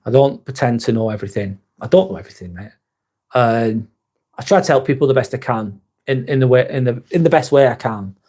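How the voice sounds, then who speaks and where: A man's voice: medium pitch, lively intonation, a little fast, a little mellow. A man with a Lancashire accent hosting a casual live stream, talking bluntly and candidly, swearing now and then and reading out viewer comments. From northwest England.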